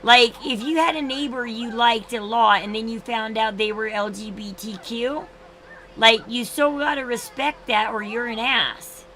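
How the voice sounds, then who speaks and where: A woman's voice: fairly high pitch, steady tone, a little slow, bright, forceful tone, a little hiss or hum, low-quality recording. A woman in her thirties hosting a casual livestream, chatting in a rambling way with frequent restarts. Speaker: livestream host.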